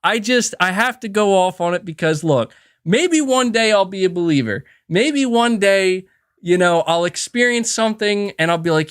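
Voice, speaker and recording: Animated man ranting on a podcast. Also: high-pitched, normal speed. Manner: profane and emphatic, frequent restarts. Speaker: podcast host. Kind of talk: heated podcast rant.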